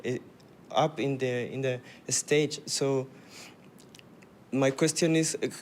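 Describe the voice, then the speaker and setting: Flat-voiced man, hesitant question. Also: medium pitch, takes it slowly, a little hiss or hum. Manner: hesitant, restarting, many fillers. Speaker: audience member asking a question. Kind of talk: question from the floor.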